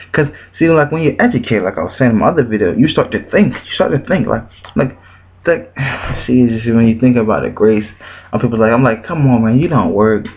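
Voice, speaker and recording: A young man vlogging, telling a personal church story with emotion, animated and repetitive, his voice leaping high when he quotes people. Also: narrow, tinny audio. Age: young adult.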